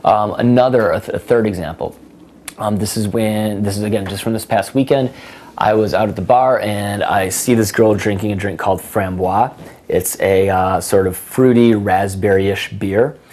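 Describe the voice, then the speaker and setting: Young guy coaching, kinda low voice, emphatic and chatty, says "like" a lot. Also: steady tone, normal speed, a little mellow, a little hiss or hum. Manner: emphatic, conversational, frequent "like" fillers. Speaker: dating coach. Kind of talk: instructional talk.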